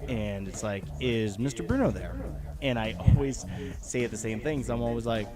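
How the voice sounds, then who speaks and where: A man hosting a casual live chat, telling stories in an animated way and swearing freely. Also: medium pitch, normal speed, music in the background. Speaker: show host.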